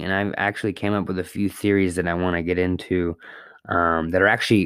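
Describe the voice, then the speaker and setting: Low-voiced man chatting casually. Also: fairly even intonation, quick pace, smooth, no room sound, studio quality. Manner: rambling, conversational, with fillers and mild swearing. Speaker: podcast host. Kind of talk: casual solo podcast monologue. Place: apartment.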